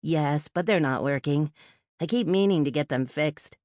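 A woman's voice: low voice, normal speed, a little mellow, dry recording, studio quality, lightly acted. A woman reading as a blunt, suspicious storage owner. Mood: matter-of-fact. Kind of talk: audiobook character voice.

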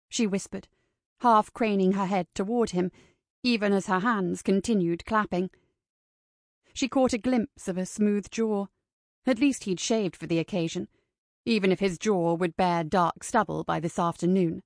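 In clean studio sound with no room tone, a medium-pitched female narrator reads a scripted audiobook. Her delivery is measured and expressive.

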